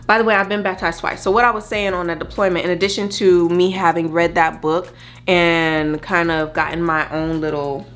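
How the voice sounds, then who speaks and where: Chatty, low-voiced woman vlogger. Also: steady tone, normal speed, fairly bright tone. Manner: chatty and rambling, addresses viewers directly. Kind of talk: casual get-ready-with-me chat. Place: at home doing her makeup.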